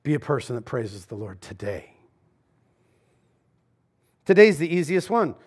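A male pastor preaching a sermon in a church, talking to the congregation conversationally, swinging between loud emphasis and quiet asides. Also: mid-range voice, sing-song, measured pace, husky. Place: church sanctuary.

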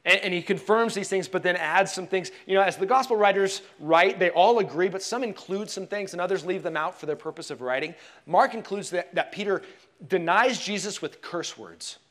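High-voiced pastor telling a story. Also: male voice, brisk. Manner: expressive storytelling, dropping to hushed tones for emphasis. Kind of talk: sermon. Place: church.

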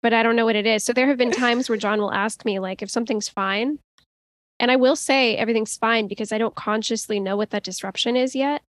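A woman's voice: fairly high pitch, fairly quick. A woman co-hosting a casual group chat, talking in rambling sentences with many fillers and restarts. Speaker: podcast co-host.

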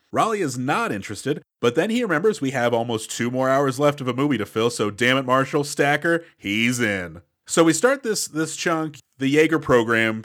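A man's voice: mid-range voice, a bit bright. A man co-hosting a podcast, recapping a film in casual chat with playful, dry jokes. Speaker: podcast co-host. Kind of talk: casual movie-review chat.

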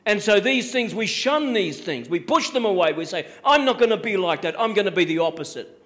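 A high-pitched man delivering a sermon from the pulpit. He preaches emphatically, repeating his points and firing rhetorical questions at the congregation. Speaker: pastor.

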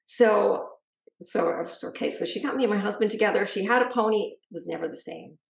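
A middle-aged woman, a guest author, telling a personal story in a lively way and acting out what others said. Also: medium pitch, fairly quick, creaky. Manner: lively storyteller who acts out quoted speech. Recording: echoey room.

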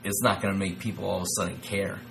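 A man co-hosting a casual podcast, talking in a measured, low-key way with some stammering. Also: flat delivery, creaky, fairly bright tone, slight background noise, low-quality recording. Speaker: podcast co-host. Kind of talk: casual wrestling podcast chat.

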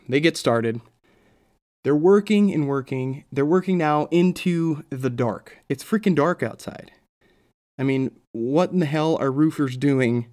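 Male solo podcast host, casual storyteller, frustrated and wry, medium pitch. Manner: animated storytelling, exasperated asides, casual swearing.

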